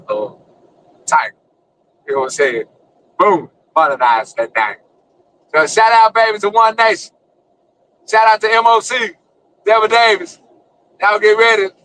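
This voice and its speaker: An older man hosting his own stream, talking in an excitable, brash and profane way, dropping "man" and "you know what I'm saying" all through, from inside a vehicle. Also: on the high side, slight background noise, poor audio. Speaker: streamer and show host. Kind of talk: casual hyped vlog talk.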